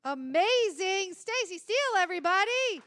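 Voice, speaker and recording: A woman's voice: extremely high pitch, lively intonation, normal speed, a bit bright, no room sound. A woman hosting a live comedy show, introducing acts with upbeat, playful patter.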